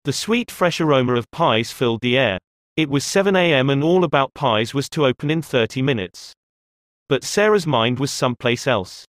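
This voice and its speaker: A man narrating an audiobook in a measured, expressive storytelling manner. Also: mid-range voice, no echo, clean studio sound.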